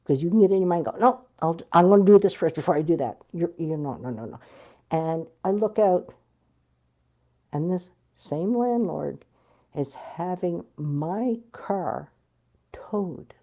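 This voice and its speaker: A middle-aged woman telling a personal story in an interview, animated and blunt, swearing freely. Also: fairly low pitch, a little slow. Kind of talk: candid storytelling.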